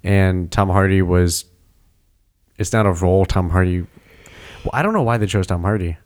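A man's voice: sits low, normal speed, a little mellow. A man chatting casually about a film, rambling and restarting sentences, acting out little quotes. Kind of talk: casual movie review chat.

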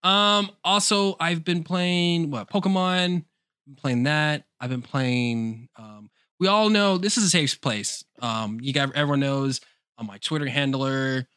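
A man co-hosting a podcast in casual chat, animated, laughing often and swearing freely. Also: mid-range voice, clear, resonant tone, dry recording, clean studio sound. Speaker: podcast co-host.

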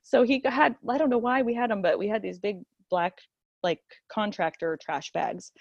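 A woman guest telling a personal story in conversation, animated and full of fillers, acting out the quotes. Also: medium pitch, moderate pace, creaky, no echo. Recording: dull, lo-fi, dry.

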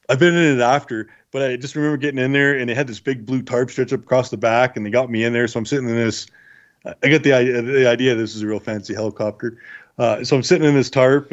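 A man's voice: medium pitch, dull audio. A man telling his survival story to interviewers in a rambling, good-humored way. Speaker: interview guest, bear attack survivor. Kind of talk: casual storytelling.

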